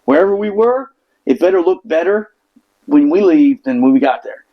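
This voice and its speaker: A man's voice: high voice, very animated, moderate pace, dull audio. Profane, laughing veteran man telling stories. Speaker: Marine veteran storyteller. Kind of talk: casual chat.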